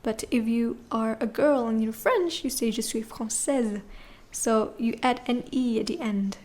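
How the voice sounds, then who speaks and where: Patient woman teaching French, slightly high voice. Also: a little mellow. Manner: patient, spells words letter by letter, checks with "okay?" and "right?". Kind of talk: classroom lesson explaining grammar.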